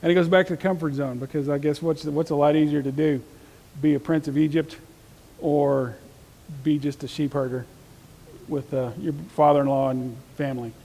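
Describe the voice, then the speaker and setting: A man teaching a church Bible study, chatting casually and reading scripture aloud with lively emphasis. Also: a little high, moderate pace, big-room sound, low-quality recording. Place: church classroom.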